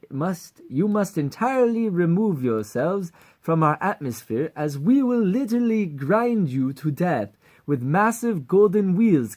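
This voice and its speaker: A vain, high-strung military commander, acted by a man in an amateur audition. His voice sits noticeably higher than normal and comes out loud and haughty, with measured, imperious delivery. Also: full character voice. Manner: haughty, loud and raised in pitch.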